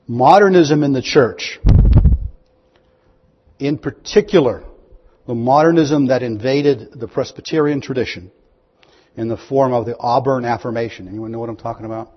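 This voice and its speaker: Emphatic preacher in an echoing hall. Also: male voice, a little slow, long pauses, husky. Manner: emphatic, rises to loud high proclamations; reads scripture aloud, then questions the listeners. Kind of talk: sermon. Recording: dull, long-echo hall recording.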